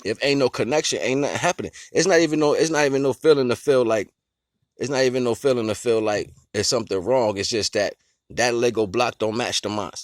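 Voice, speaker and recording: A man talks in a relaxed, rambling way, chuckling now and then and breaking big ideas down into simple everyday comparisons. His voice sits at an ordinary pitch and is recorded dry and close, with almost no room sound. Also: quick pace, no echo. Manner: laid-back and rambling, with frequent chuckles and constant "you know what I'm saying". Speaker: vlogger sharing life philosophy. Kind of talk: casual monologue.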